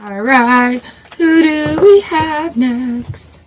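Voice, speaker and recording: Woman, tarot reader, casual chat, encouraging, animated. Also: sits high, drawn-out words, noisy background. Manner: chatty, emotional, encouraging, animated outbursts. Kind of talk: casual tarot reading to camera.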